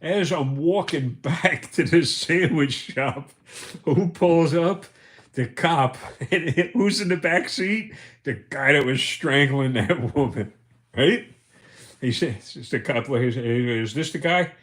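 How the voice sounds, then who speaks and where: A man's voice: a little high, slow, fairly bright tone. A man hosting a livestream, telling rambling, profane anecdotes and chuckling as he goes. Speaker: livestream host. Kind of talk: casual storytelling.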